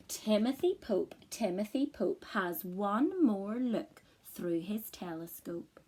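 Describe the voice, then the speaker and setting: Woman, teacher, storytime read-aloud, slow, breathy, animated, encouraging. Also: mid-range voice. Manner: expressive, encouraging, asks the listener to join in. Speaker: teacher reading a picture book to children.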